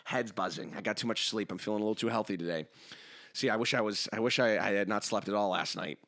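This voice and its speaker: A man's voice: on the low side, fast talker, vocal fry, fairly bright tone. A young man hosting a casual solo podcast, rambling and self-mocking as he jumps between tangents. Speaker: podcast host.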